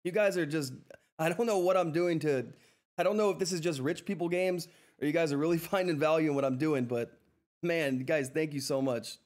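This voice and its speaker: A man hosting a live stock trading stream, talking through price charts in an excitable, effusive way that repeats itself. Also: on the high side, fairly quick. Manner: excitable, effusive, repeats himself, says "all right?" often. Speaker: livestream stock trading host. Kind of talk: live market commentary and chat.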